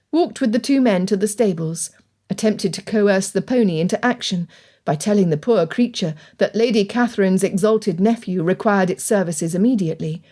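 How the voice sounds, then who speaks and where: A woman narrating an audiobook in a steady, clear storytelling manner. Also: medium pitch. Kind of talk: scripted narration.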